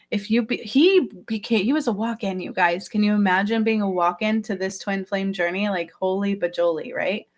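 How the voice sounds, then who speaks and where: A woman's voice: medium pitch, fairly even intonation, normal speed, hardly any pauses. A middle-aged woman, a spiritual healer, talking earnestly to her livestream viewers and checking in with them often. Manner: earnest, repetitive, addresses viewers directly.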